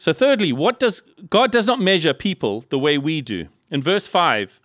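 A man from Africa, preaching a sermon in a lively style full of rhetorical questions and humorous asides. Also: fairly high pitch, moderate pace, dry recording, studio quality. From South Africa. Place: church in Liverpool.

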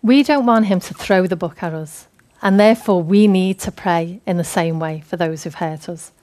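A woman's voice: lowish voice, normal speed, a little mellow. A woman giving a conversational, earnest sermon. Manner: conversational, earnest, laughing often. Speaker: preacher.

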